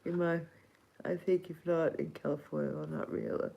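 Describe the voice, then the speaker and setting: A woman's voice: low voice, flat delivery, moderate pace, vocal fry, mellow, highs cut off. A middle-aged Australian woman hosting a casual livestream, rambling and giggly, swearing casually. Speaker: livestream host.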